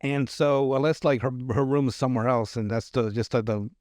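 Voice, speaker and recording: Recapping a TV episode on his podcast, a man talks briskly in a darkish, clean, medium-pitched voice with fairly even intonation. He rambles, laughs a lot, and keeps restarting and using fillers; the studio recording is clean, with no room sound.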